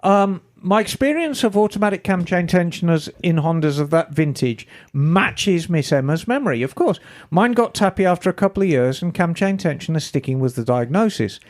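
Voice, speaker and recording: A woman hosting a podcast, chatting casually and reading listener emails in a lively, storytelling way. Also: fairly low pitch, moderate pace. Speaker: podcast host.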